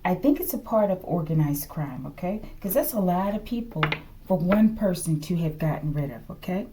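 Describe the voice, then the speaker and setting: Against a noisy background, this tarot reader talks in a lowish, expressive voice with a slight lisp. Her reading is slow, casual and speculative, at times sinking into whispers, and she keeps addressing viewers as "collective" and tossing in "okay?"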